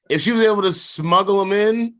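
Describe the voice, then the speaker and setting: A man's voice: high voice, fairly bright tone. A man co-hosting a sports podcast in casual chat, rambling with lots of fillers and slang and laughing often. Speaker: podcast co-host.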